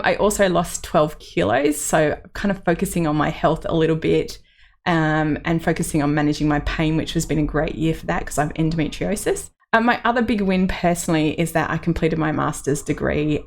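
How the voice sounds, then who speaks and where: A middle-aged Australian woman hosts her own podcast, reflecting solo in a chatty, open way, with many ums and laughter through emotion. Her voice is low-pitched with vocal fry.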